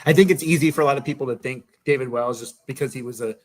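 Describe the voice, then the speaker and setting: A man's voice: mid-range voice, fast. Easygoing man hosting a podcast. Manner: relaxed, many fillers like "um" and "like". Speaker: podcast host. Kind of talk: casual chat.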